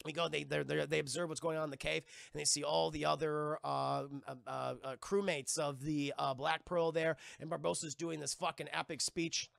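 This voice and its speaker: A man's voice: on the high side, flat delivery, normal speed, creaky, few pauses, a bit bright, no room sound, clean studio sound. A man streaming, retelling a movie to his chat in a rambling, profane way. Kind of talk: casual movie recap to chat.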